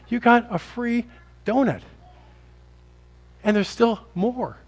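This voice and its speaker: An American pastor delivers an energetic sermon, voice pitched high for a man. He talks to his flock, teases them and plays out small scenes as he makes his point. He is heard in a church. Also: slow pace, long pauses. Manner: animated, acts out characters, jokes with congregation. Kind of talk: lively sermon. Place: church sanctuary.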